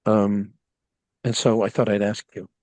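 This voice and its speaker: A man's voice: lowish voice, little pitch movement, measured pace, a little mellow, no echo, natural voice. A man voicing an odd, naive and devout woman in a tabletop game, talking earnestly and rambling with many ums. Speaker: player.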